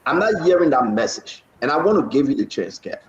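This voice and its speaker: A man's voice: medium pitch, sing-song, brisk. Man, talk show host, pushy, interrupting, echoey room. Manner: forceful, interrupting, pressing guests. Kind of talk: heated political talk show. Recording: echoey, dull lo-fi sound.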